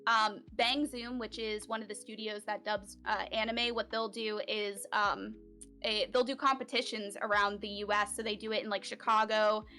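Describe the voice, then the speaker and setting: A woman's voice: mid-range voice, flat delivery, moderate pace, pushed and bright, faint music behind. A woman from Central Florida, a voice actor, chatting casually in an interview with lots of "like" and "um" fillers. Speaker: voice actor guest. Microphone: home recording setup.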